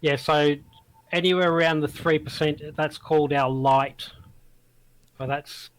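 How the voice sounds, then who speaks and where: A man's voice: a little high, steady tone, measured pace, low-quality recording. An Australian man speaking as a guest, laid-back and wry in casual conversation. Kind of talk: casual chat.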